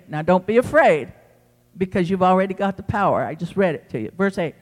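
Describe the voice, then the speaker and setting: A man's voice: sits high, expressive, moderate pace, pauses often. A man preaching a sermon to his congregation, emphatic and repeating his phrases as he addresses the church. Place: church sanctuary. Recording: long hall reverb in a church.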